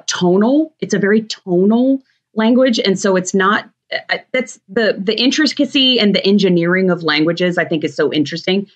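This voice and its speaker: A woman's voice: medium pitch, rough recording. A woman guest on an interview show, chatty and enthusiastic, telling stories with animation. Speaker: guest, shopping TV host. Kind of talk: casual interview chat.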